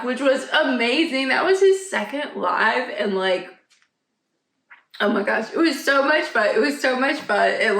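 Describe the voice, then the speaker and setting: A woman's voice: a little high, vocal fry, fairly bright tone, roomy sound, rough recording. A woman, chatting casually for her vlog, gushing and full of fillers and asides. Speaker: vlogger. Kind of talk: casual chat. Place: home, indoors.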